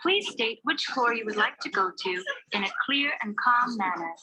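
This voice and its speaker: An actress voicing a polite, calm female elevator voice with an American accent and a measured, recorded-announcement delivery. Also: a little high, over a noisy crowd, natural voice, rough recording. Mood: prim. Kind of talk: comedy sketch acting.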